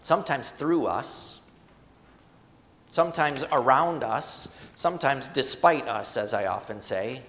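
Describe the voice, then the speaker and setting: A pastor delivering a sermon in an easy, conversational way, pressing points home with rhetorical questions and quick asides. The voice sits in a middle register. It rings out with the long reverb of a church sanctuary. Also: mid-range voice, animated, fairly bright tone.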